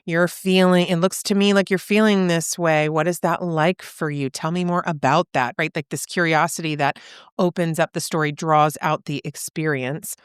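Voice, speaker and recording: A woman's voice: low-pitched, steady tone, moderate pace, clean tone, no room sound, studio quality. A woman in her thirties, a therapist and podcast co-host, earnestly telling a personal story and often checking in with "right?". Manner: earnest, uses many "right?" tag questions. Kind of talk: reflective conversational storytelling.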